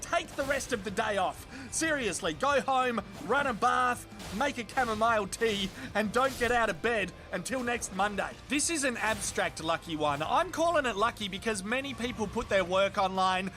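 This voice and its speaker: High, bright Australian man doing sweary commentary. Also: moderate pace, hardly any pauses, faint music behind. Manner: sweary, sarcastic, animated. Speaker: video reviewer. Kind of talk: comedic voice-over commentary.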